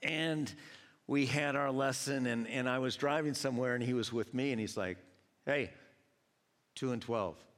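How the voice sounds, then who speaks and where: A man's voice: mid-range voice, normal speed. Man from Georgia preaching in a reverberant hall. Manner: animated storytelling with voiced quotes. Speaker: pastor. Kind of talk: sermon.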